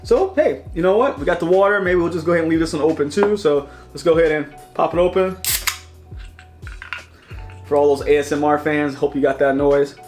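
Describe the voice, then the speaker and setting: A man's voice: a little high, a little fast, darkish tone, soft background music. A man hosting a casual taste-test vlog, rambling and chatty, often talking while chewing. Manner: rambling, chatty, restarts and repeats words. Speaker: snack reviewer and channel host.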